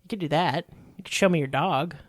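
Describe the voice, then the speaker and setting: A woman's voice: deep voice, brisk, no room sound, clean studio sound. A woman with a Southern accent co-hosting a podcast in casual chat, joking and crude and poking fun at herself. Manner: joking, crude, self-deprecating. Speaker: podcast co-host.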